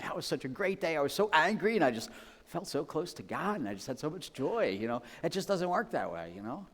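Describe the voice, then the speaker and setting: A man preaching a sermon as pastor, casual and storytelling, often laughing and acting out voices. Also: medium pitch. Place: church sanctuary. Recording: long reverb of a church hall.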